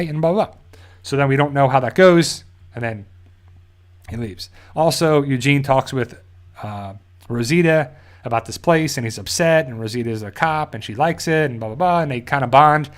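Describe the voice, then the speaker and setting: A man in the middle of a casual recap, his voice sitting at an ordinary pitch. He rambles along with lots of fillers and restarts, slipping briefly into the characters' lines as he retells the scenes. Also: a bit bright. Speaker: host of a TV review channel.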